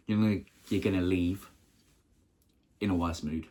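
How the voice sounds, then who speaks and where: A young man giving a casual, earnest motivational talk to camera in short, halting phrases. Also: low voice, fairly even intonation, warm tone. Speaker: motivational vlogger.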